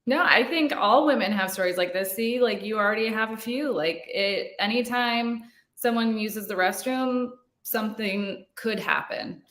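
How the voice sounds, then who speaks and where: A woman filmmaker answering interview questions about her short film in a relaxed, talkative way. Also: fairly high pitch, moderate pace, echoey room. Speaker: filmmaker guest.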